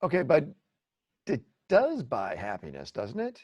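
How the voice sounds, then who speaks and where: A man's voice: mid-range voice, wildly swooping pitch, unhurried, highs cut off. A male host chiming in with brief, encouraging remarks.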